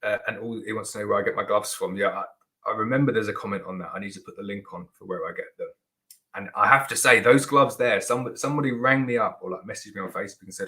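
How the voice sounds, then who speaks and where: A man's voice: fairly low pitch, fairly even intonation, fast talker, pushed and bright, rough recording. A man hosting a casual live question-and-answer show, chatty and rambling with lots of restarts and fillers. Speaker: beekeeper host answering viewer questions.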